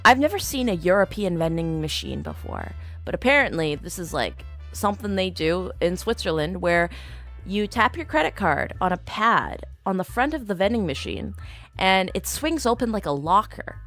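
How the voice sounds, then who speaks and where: Her voice is on the low side and her pace moderate, with faint music playing behind. A young woman streamer, she casually shares an exasperated travel story, animatedly acting out the voices of those she met.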